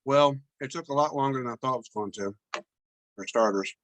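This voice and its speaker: A man's voice: mid-range voice, brisk, fairly bright tone, dry recording. A man speaking on a video call with his camera off, modest and plainspoken, telling how it went. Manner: modest, plainspoken, laughs easily. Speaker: caller, business owner. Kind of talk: casual Zoom group chat. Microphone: video call, audio only.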